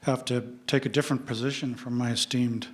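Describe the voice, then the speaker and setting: A Canadian English-accented man argues his point in a live public debate. His speech stays in a narrow, even pitch band, and he stumbles and restarts often as he builds his case into a stage mic. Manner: halting, many restarts. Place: lecture hall with audience.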